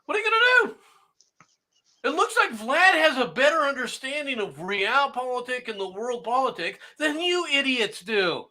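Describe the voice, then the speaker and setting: Sex: man. Role: political talk host. Style: angry ranting commentary. Pitch: high, very lively. Tone: bright. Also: moderate pace. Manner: angry, sarcastic, mocking, often shouting.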